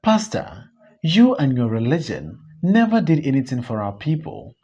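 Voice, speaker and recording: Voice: medium pitch, big pitch swings, normal speed, mellow, breathy edge, muffled recording. An audiobook reader voicing a troubled young male politician who is remorseful and bitter, in a read stage play.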